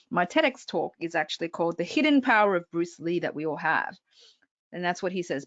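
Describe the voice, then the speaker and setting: A woman's voice: lowish voice, animated, a little fast, no echo, muffled recording. A woman public speaking coach presenting an online workshop, talking straight to her audience with frequent check-ins.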